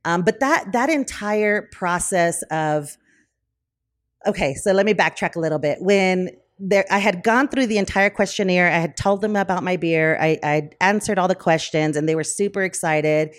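A woman being interviewed, telling a story casually, full of fillers and self-corrections, and acting out the quoted dialogue in raised voices. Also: moderate pace. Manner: lively, acts out quoted dialogue in higher voices. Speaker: brewery owner, podcast guest.

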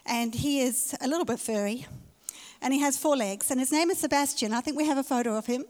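Emphatic woman pastor, high voice. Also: fairly quick, a little mellow. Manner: emphatic, repeats key phrases. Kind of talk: sermon. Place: church hall. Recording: reverberant church hall.

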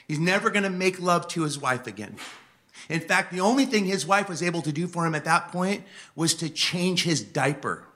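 A man preaching a sermon to a live audience, telling a personal story earnestly, moving from hushed moments to fervent appeals. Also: high-pitched, expressive, moderate pace.

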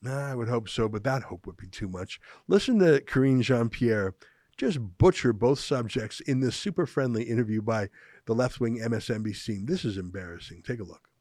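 A man's voice: medium pitch, animated, moderate pace, a little mellow, no echo, clean studio sound. Sarcastic man commentating. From Canada. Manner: sarcastic, mocking. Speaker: political commentator. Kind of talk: opinion commentary.

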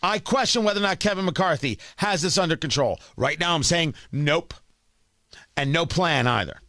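A man's voice: a little high, lively intonation, moderate pace, pushed and bright, no room sound, clean studio sound. A man hosting a political commentary show, scolding and exasperated as he rants about his own side.

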